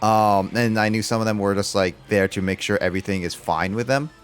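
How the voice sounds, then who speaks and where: A man's voice: fairly low pitch, steady tone, fairly quick, soft background music. A young man streaming a game, rambling through his play and telling a long story with many fillers and restarts. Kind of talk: casual gameplay commentary and storytelling.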